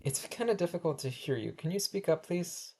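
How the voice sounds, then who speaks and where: A man's voice: a little high, animated, a little fast, husky. A man voicing a flustered first-grade teacher who stumbles, restarts his sentences and keeps apologizing. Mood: patient. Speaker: schoolteacher taking roll call. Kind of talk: amateur animation voice acting.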